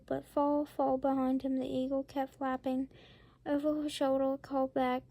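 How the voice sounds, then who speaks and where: A woman's voice: high voice, little pitch movement, moderate pace, dark tone, dry recording. A woman reading a rhyming picture book aloud, with whispered asides. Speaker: storybook reader.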